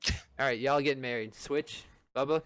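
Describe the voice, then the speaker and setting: A man's voice: mid-range voice, fairly even intonation, normal speed, fairly bright tone, smooth, no room sound. A man hosting a live stream, chatting casually and joking, often stumbling over his words. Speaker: streamer host.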